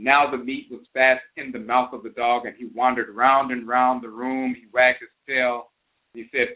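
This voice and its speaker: A man's voice: mid-range voice, flat delivery, moderate pace. A man hosting a radio show, telling a folktale and explaining its terms with emphatic repetition. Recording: phone-line internet radio.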